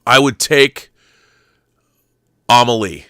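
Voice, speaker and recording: A man's voice: medium pitch, slow, pushed and bright, smooth, dry recording, studio quality. A middle-aged man hosting a casual chat, rambling through heartfelt stories with many restarts. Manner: rambling, restarts, emotional storytelling. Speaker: channel host.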